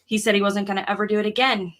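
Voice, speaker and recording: A woman's voice: mid-range voice, flat delivery, rapid-fire, fairly bright tone. A woman guest in an interview, speaking with emphasis about family events. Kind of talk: interview talk.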